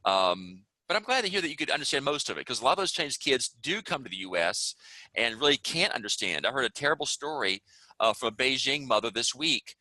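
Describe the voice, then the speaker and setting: An upbeat man with a Southern US accent, talking through an online English lesson in a rambling, friendly way. His voice is bright and close, with a dry sound and no room around it. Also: mid-range voice, very animated, brisk, dry recording, low-quality recording. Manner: upbeat, chatty, rambling asides. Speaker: English teacher. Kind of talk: online class chat.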